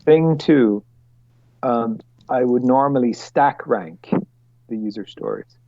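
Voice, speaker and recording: Gravelly, blunt man leading a team call. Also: mid-range voice, slow pace, slight background noise. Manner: blunt, swears freely, rambles into rants. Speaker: product owner leading a team meeting. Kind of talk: casual meeting explanation. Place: online video call. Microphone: computer mic on a video call. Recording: dull lo-fi call audio.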